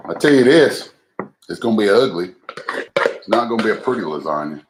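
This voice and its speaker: A man with a lowish, animated voice talks a little fast while hosting a live cooking stream. Folksy and self-deprecating, he chats casually with viewers as he cooks, in a noisy home recording.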